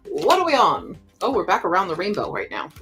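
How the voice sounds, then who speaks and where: A woman's voice: fairly low pitch, huge pitch swings, a little fast, fairly bright tone, faint music behind, low-quality recording. A young woman chatting casually with her stream viewers while she works on a craft project, reading chat aloud as she goes.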